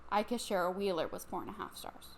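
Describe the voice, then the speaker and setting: A woman's voice: medium pitch, quick pace, slight background noise. A young woman in her twenties, a little tipsy on wine, chatting casually about books at home and rambling with lots of fillers and restarts. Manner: rambling, self-interrupting, lots of likes and ums. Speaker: book vlogger. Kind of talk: casual chatty book review.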